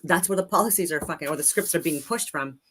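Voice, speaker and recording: A woman's voice: sits low, fast, a bit bright. A woman delivering an agitated, unscripted rant, swearing heavily and rambling between points. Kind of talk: unscripted ranting monologue.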